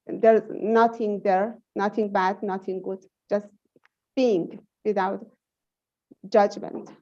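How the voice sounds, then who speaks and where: A woman in a group English lesson speaks slowly and reflectively, feeling for each word. Her voice is mellow and dark. The sound is dull and lo-fi. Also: medium pitch, flat delivery. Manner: reflective, searching for words. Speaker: student in an English conversation class. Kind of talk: classroom discussion.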